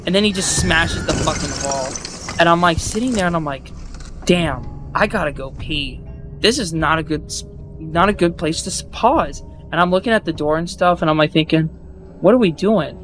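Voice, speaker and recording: A man's voice: fairly high pitch, normal speed, soft background music, rough recording. Profane rambling man recapping a game. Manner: rambling, profane, reenacts his own thoughts loudly. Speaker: gaming video host. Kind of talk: casual gameplay recap.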